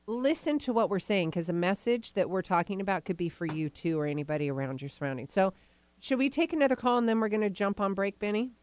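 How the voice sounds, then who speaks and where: A woman's voice: medium pitch, fast talker, a little mellow, slight background noise. A woman hosting a call-in psychic radio show, chatty and enthusiastic as she takes callers. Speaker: psychic medium host.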